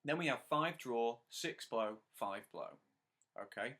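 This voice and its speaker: A man's voice: medium pitch, lively intonation, a bit bright, faint music behind. A man teaching a harmonica lesson step by step, patiently counting in and praising the learner. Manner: counts in and sings lines slowly; encouraging, patient.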